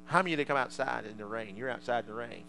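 A male preacher delivering a fervent sermon to a congregation, swinging from quiet asides to loud shouts. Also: mid-range voice, rapid-fire, creaky, a little hiss or hum, rough recording.

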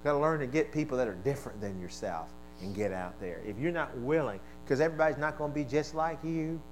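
A male pastor preaching a sermon, leading call-and-response and swinging from quiet asides to shouted exclamations, originally from the American East Coast. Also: medium pitch, quick pace, a little hiss or hum, rough recording.

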